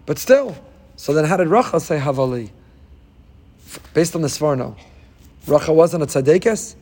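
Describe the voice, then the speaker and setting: A man giving a sermon as a rabbi, moving between soft reflective passages and loud emphatic outbursts. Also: a little high, animated, moderate pace, long pauses, slightly rough, in a large hall. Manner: rises to loud emphatic outbursts when voicing scripture.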